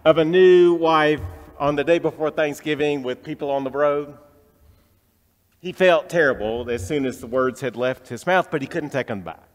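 Male pastor, reflective storytelling sermon, slightly high voice, long reverb. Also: moderate pace. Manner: storytelling, reflective, drops soft for tender moments.

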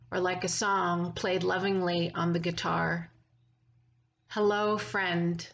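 A woman priest giving a gentle, reflective memorial sermon with lingering pauses. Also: medium pitch, slight background noise, rough recording.

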